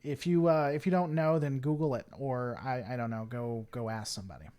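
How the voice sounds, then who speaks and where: A man's voice: medium pitch, steady tone, a little fast, darkish tone, clean tone. A man hosting a livestream, chatting casually and reading viewers' messages aloud, with a rambling manner and a desk microphone. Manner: rambling, reads chat aloud and answers it. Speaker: livestream host.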